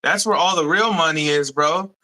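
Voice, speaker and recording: A man's voice: fairly high pitch, normal speed, pushed and bright, poor audio. A man hosting a casual podcast chat, laid-back and calling people "bro".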